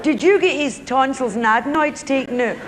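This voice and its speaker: A woman's voice: sits high, brisk, a crowd in the background. A woman comedian with a Glaswegian Scottish accent, telling a gossipy, chatty comic monologue live in a theatre. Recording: live theatre recording with audience noise.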